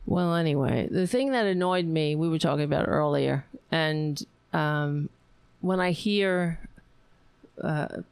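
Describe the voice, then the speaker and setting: A woman hosting a live stream, chatting casually in a rambling, halting way, reading viewer comments. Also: low-pitched, gravelly, clear, resonant tone, no echo. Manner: rambling, halting, laughs often, chatty with cats. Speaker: livestream host.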